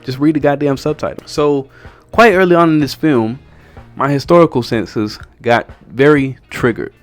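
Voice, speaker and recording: A man's voice: mid-range voice, moderate pace, no echo, faint music behind. Blunt, sarcastic male film reviewer. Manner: blunt, sarcastic, exasperated critique. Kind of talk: casual opinionated commentary.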